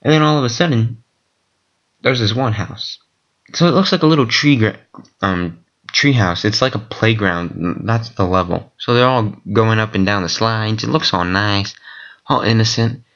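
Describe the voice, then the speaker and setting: A man telling a rambling story in casual vlog style, excitable and profane, with lots of fillers. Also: on the low side, moderate pace, highs cut off. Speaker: vlogger recounting dreams.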